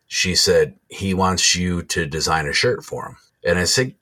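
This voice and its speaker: A man with a very low, deep voice co-hosts a casual podcast. He tells long, rambling stories in everyday talk and swears freely. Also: moderate pace, hardly any pauses, bright, forceful tone. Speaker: podcast co-host.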